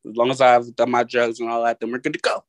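A young man guesting on a podcast, chatting casually in a laid-back, halting way that often trails off. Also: medium pitch, monotone, no room sound. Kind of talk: casual chat.

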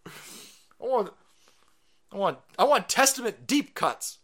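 A man hosting a livestream, ranting profanely, laughing and swinging from mutters to shouts. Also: very high-pitched, expressive, measured pace. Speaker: live stream host. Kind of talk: profane political rant on a livestream.

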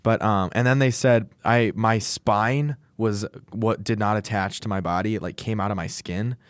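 A man's voice: lowish voice, steady tone, normal speed, clear, resonant tone, no echo, studio quality. A young man co-hosting a podcast, telling a long personal story in casual chat with restarts. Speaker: podcast co-host.

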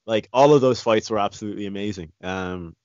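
Low-pitched man, rambling podcast talk, dry close lo-fi recording. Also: fairly quick, a little mellow, no room sound. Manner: rambling, many restarts and "you know". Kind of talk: casual chat. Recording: dry, slightly dull lo-fi sound.

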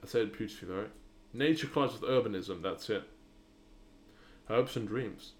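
Rambling young man, low voice. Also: moderate pace. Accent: British-leaning English, non-native. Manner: rambling, many restarts and fillers. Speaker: podcast host. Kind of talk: solo podcast monologue.

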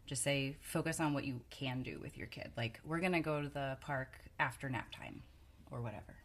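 A woman's voice: very deep voice, normal speed. A woman co-hosting a parenting video, chatting casually and telling stories about her clients. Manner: conversational, tells client stories. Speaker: parenting co-host. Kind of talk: casual chat.

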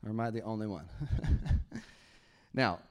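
A man's voice: on the low side, steady tone, measured pace, a bit bright. A man in his thirties preaching a sermon to his church on a handheld mic, talking conversationally and joking with the congregation. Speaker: pastor. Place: church auditorium. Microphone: handheld microphone.

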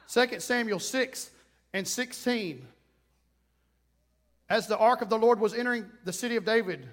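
High-voiced preacher acting out scenes. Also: male voice. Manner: animated, acts out voices and scenes. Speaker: pastor. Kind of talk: sermon.

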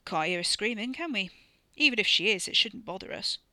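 A woman's voice: mid-range voice, lively intonation, brisk, bright, forceful tone, no echo. A woman doing a blunt, crude young man. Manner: gruff, offhand, swearing casually.

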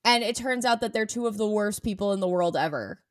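A woman chatting casually as a podcast co-host, animated and sarcastic when she reads quotes aloud. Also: medium pitch, fairly quick, no room sound, clean studio sound. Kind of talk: casual chat.

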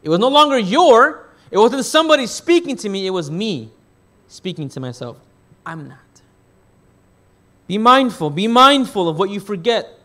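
Male pastor with a fairly high voice, animated preaching and storytelling. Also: normal speed. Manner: animated storytelling with big swings in loudness; repeats words when restarting. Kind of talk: sermon.

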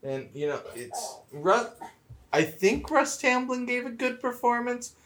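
A man's voice: very high voice, unhurried. A man co-hosting a podcast, talking casually about a film in a loose, rambling way with lots of "like" fillers. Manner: relaxed, rambling, many "like" fillers. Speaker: podcast co-host. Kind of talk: casual chat.

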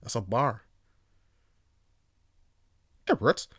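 A man's voice: medium pitch, very animated, extremely slow, a bit bright, husky, no room sound, clean studio sound. A man hosting his own show, talking in a loose, profane solo monologue with laughing asides. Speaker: host.

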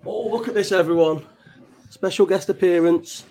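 A high-pitched, warm-toned man speaking at normal speed hosts a casual late-night live chat at home, a child nearby. Hailing from Bolton, England, he rambles, chats, and swears freely.

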